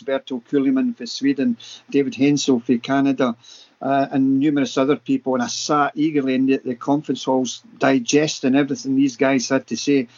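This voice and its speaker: Animated Scottish man in his sixties. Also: medium pitch, highs cut off. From Scotland. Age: 60s. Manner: enthusiastic, vivid, repeats words for emphasis. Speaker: guest, paranormal investigator. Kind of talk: animated anecdotal storytelling.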